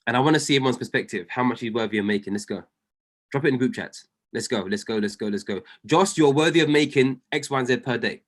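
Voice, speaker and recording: A man's voice: medium pitch, fast. A man coaching traders on a group video call, fervent and repetitive, speaking to listeners by name. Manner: fervent, repeats lines for emphasis, addresses listeners by name. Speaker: trading coach.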